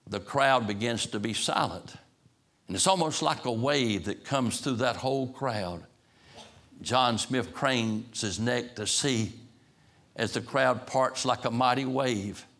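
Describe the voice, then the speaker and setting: A male preacher retells a story with dramatic, building emphasis. His voice is bright and forceful, set at a middle pitch.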